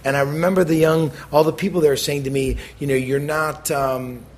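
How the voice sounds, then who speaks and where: A middle-aged American man, a chef as interview guest, telling animated stories and acting out the people he quotes. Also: fairly high pitch. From United States. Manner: animated, acts out quoted voices, quick bursts. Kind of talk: conversational storytelling.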